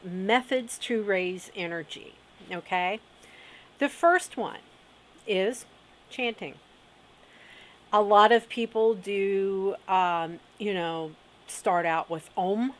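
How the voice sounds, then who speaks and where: A middle-aged woman talks through a witchcraft lesson at a slow, unhurried pace. She checks in with her viewers often. Her voice sits at an ordinary middle pitch. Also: fairly bright tone. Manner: unhurried, frequent "okay?" check-ins. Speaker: witchcraft teacher. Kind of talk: instructional video talk.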